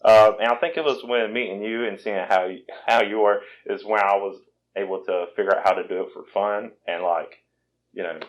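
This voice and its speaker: A man's voice: fairly low pitch, fairly even intonation, brisk, poor audio. A man in his twenties with a Southern American accent, from Virginia, hosting a casual podcast chat in a rambling, self-deprecating way. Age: 20s. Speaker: podcast host.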